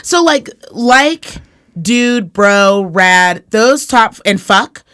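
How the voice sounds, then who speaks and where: A woman's voice: mid-range voice, expressive, drawn-out words, a bit bright. Young woman from Reno co-hosting a chatty podcast, brash and profane. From Reno, Nevada. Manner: brash, swearing, laughing often. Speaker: podcast co-host. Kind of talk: casual chat.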